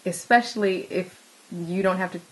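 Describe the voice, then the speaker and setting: A woman with a slightly low voice talks through ideas in a relaxed conversational way. She is a pianist and teacher from the San Francisco Bay Area, and she stays expressive and quick to laugh. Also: low-quality recording. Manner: expressive, laughs often between points. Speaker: pianist and music teacher, guest. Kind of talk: conversational explaining.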